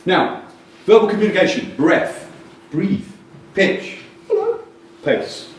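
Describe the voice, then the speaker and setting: A man giving a lively, jokey presentation at a coaching conference, often acting out voices. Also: high-pitched, slow. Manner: animated, jokey, acts out voices. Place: large hall. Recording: echoey hall, mic far off.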